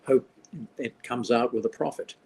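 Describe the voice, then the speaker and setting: A man's voice: mid-range voice, fairly even intonation, normal speed, vocal fry, darkish tone, low-quality recording. An older man from Australia, a film director being interviewed, talking in a rambling way with dry, wry humor. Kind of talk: casual interview conversation.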